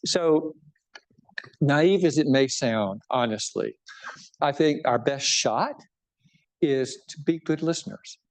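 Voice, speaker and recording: This middle-aged man's voice runs on the high side, slow and with long pauses. He's a bishop discussing his book casually with an audience that asks questions, animated in manner, frequently restarting and tagging lines with "right?"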